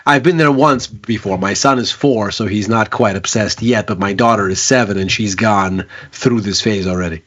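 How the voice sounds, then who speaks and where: A middle-aged man co-hosting a market show, measured and explanatory. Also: lowish voice, fairly bright tone, lo-fi sound. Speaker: market analyst co-host. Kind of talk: casual chat and market analysis.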